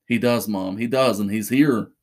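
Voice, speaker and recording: A man's voice: lowish voice, moderate pace, a little mellow, natural voice. A man voicing a frightened young boy who pleads with his parents in a spoken horror story. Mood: scared. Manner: pleading, fearful.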